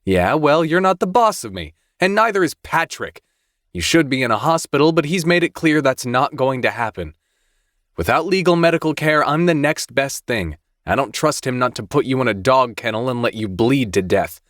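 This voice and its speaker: A male audiobook narrator voices a blunt, protective young man who bosses his injured brother around, with a firm mood. His medium-pitched voice has lively intonation, normal speed, and a fairly bright tone, pitched above his own voice yet close to an everyday voice. The sound is clean studio audio with no room sound.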